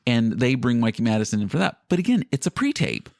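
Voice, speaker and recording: A man co-hosting a podcast, talking through a TV episode in a loose, rambling recap and slipping into quick quoted voices. His voice has a gravelly, fry-edged texture. The sound is close and dry. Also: mid-range voice, sing-song, darkish tone, dry recording. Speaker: podcast co-host. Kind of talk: casual chat recapping a TV episode.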